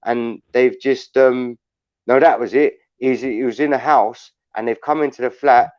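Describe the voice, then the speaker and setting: A London man rants bluntly, swearing freely and telling his stories at a steady clip. The sound is dry and close, with a slightly dull, muffled edge from the livestream audio. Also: mid-range voice, measured pace, no room sound. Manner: blunt, sweary, storytelling rant. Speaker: livestream panel host. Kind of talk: heated casual chat.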